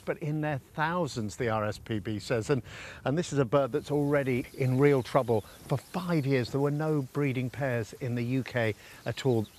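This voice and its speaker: A man reporting to camera on location with a conspiratorial tone. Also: mid-range voice.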